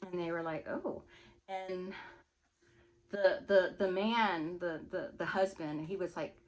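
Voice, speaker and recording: A woman vlogger telling a personal story in a chatty, animated way, often laughing. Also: on the low side, unhurried. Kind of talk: casual storytelling.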